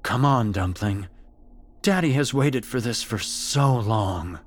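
A man voicing a dead father's baritone voice speaking through a possessed woman, coaxing and tender but sinister. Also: slow.

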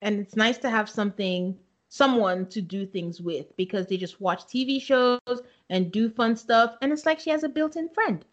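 A woman's voice: mid-range voice, moderate pace, highs cut off. A woman co-hosting a podcast in casual chat, recapping a show, laughing often and quoting people as she tells it. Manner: chatty, laughs often, quotes people in her retelling.

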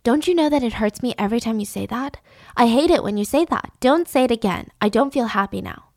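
A woman's voice: on the high side, animated, brisk, a little mellow, no echo, studio quality. A woman reading a hurt lovesick young woman. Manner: hurt, pleading.

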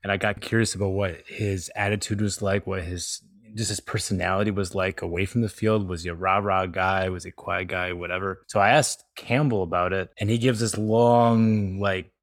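A man's voice: low-pitched, fairly even intonation, moderate pace, few pauses, no echo, clean studio sound. A man hosting a sports podcast in casual, conversational chat, laughing easily. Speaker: sports reporter and podcast host.

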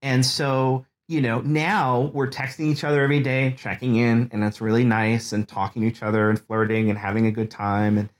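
A man's voice: mid-range voice, flat delivery, moderate pace, few pauses. A man in his thirties, a podcast guest, candidly telling a personal story, earnest and emotional, rambling with restarts. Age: 30s.

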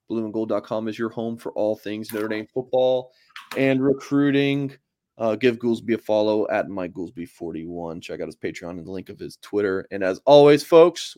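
A man's voice: lowish voice, no room sound. Brief: casual male sports show host, dry close sound. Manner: casual, reading viewer comments.

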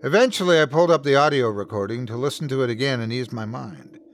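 A man hosting and narrating a scripted horror story in the first person, with lively shifts in tone. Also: mid-range voice, fast, a little hiss or hum. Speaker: host and narrator.

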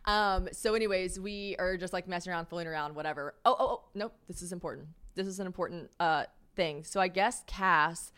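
A young woman hosting a podcast, telling a story in a casual, animated way, full of "like" fillers, self-mocking asides and acted-out dialogue. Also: on the low side, fairly quick, few pauses, clear, resonant tone. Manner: chatty and animated, lots of "like" fillers, acts out quoted dialogue. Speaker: podcast host.

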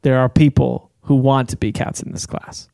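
Punning podcast co-host with a dry sound. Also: male voice, mid-range voice, little pitch movement, normal speed, gravelly, warm tone, smooth, no echo. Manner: joking, punning, laughing. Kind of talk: comedic voicemail reactions.

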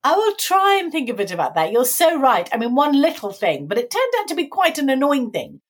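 Woman author, middle-aged, fairly high voice, chatty with tag questions. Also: wildly swooping pitch, brisk. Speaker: author guest. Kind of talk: casual interview chat.

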